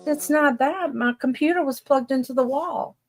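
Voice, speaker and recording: A woman's voice: sits high, normal speed, a little mellow. A woman co-hosting a casual live-stream chat with a friend, easygoing and chatty, sometimes turning to talk to someone off-camera. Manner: chatty and easygoing, talks to people off-camera between remarks. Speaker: co-host.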